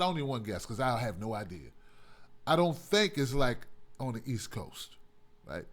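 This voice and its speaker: A male talk host with a high, very lively voice that swoops up and down constantly. He rambles through a casual monologue, cussing freely and breaking into laughs as he goes. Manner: animated, rambling, profane, laughing. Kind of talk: casual monologue on a call-in show.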